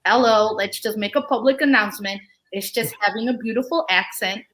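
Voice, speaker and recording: A woman's voice: medium pitch, brisk, fairly bright tone. A woman in her forties, a guest speaker on a town hall panel, telling a personal story in an earnest, passionate way over a video call. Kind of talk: casual panel talk.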